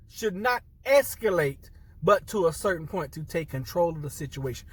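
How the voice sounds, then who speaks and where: Husky-voiced man, upset and earnest. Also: fairly high pitch, lively intonation, moderate pace, no room sound, distant mic. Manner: earnest, emphatic, repeats and restarts phrases, addresses viewers as y'all. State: upset and near tears. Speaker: military veteran vlogger. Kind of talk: impassioned personal commentary to camera.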